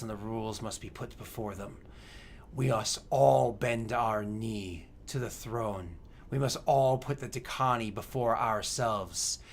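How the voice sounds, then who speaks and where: A man's voice: medium pitch, a little hiss or hum, close to an everyday voice. A man voicing an arrogant male goblin emperor who speaks in haughty, commanding declarations.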